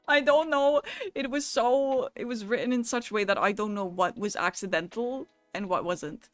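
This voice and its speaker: A woman's voice: on the high side, no echo, faint music behind. A young woman streamer chatting casually and reading viewer messages aloud, swearing freely in a loose, joking way. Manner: casual, profane, quick to laugh.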